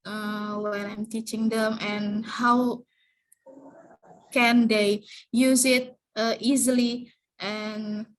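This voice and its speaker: A woman, an elementary English teacher, presenting her plans in an online class in a hesitant, halting way. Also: on the high side, little pitch movement, rough recording. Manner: hesitant, halting, many fillers. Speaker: elementary school English teacher, student in training course.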